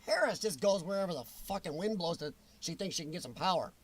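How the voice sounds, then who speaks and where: A man with a high-pitched voice hosts a livestream talk show. He rants bluntly and answers viewer comments. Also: animated, fast talker, slightly rough. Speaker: show host reading chat.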